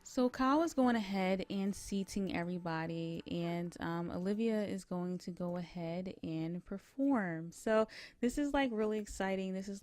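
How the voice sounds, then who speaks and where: A woman's voice: lowish voice, darkish tone, no echo. A young woman narrating a life-sim game in a casual, rambling way, full of fillers. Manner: rambling, heavy on fillers like "you know, like". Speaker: gameplay narrator. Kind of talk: casual let's-play narration.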